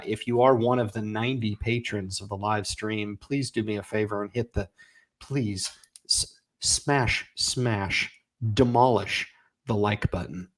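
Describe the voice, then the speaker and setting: A man in his forties hosting a casual livestream, reading viewer comments and urging them on in an energetic, folksy way. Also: fairly low pitch. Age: 40s. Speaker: livestream host.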